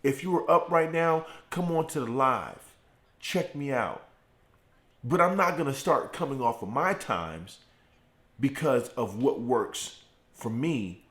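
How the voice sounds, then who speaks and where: A middle-aged man hosting a motivational morning live stream from his home garage, preaching with fired-up repetition while deliberately keeping his voice turned down. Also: expressive, fairly bright tone. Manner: fired-up preaching with repeated phrases, speaking in a deliberately lowered voice. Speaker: host of a morning motivational show.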